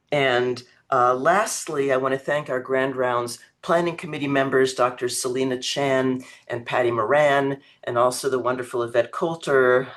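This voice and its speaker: A man hosting a lecture series who reads out a formal introduction for the guest speaker, pausing often with ums and uhs. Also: medium pitch, fairly bright tone.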